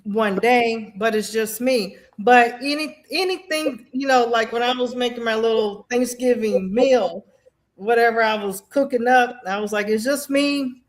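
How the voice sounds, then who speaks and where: Woman, middle-aged, animated storyteller, acts out quotes, slightly high voice. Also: measured pace. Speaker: guest, Air Force veteran. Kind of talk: emotional conversation about grief.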